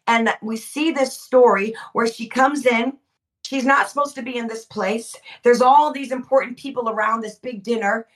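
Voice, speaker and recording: A woman preaching with fervor, repeating phrases for emphasis and rising to shouts. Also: on the high side, fairly even intonation, normal speed, far from the mic. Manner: fervent, emphatic repetition, swells to shouting. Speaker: guest preacher. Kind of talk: impassioned preaching.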